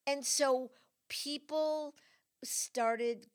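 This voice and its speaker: Animated middle-aged woman hosting a chat. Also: high-pitched, drawn-out words. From Michigan. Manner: animated storyteller, acts out quotes. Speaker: host. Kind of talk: casual chat.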